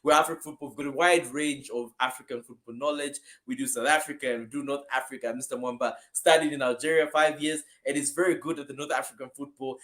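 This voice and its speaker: A man from Zambia, co-hosting a casual football prediction chat over a video call. He speaks energetically and emphatically, swinging between loud bursts and softer asides. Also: medium pitch. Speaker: co-host.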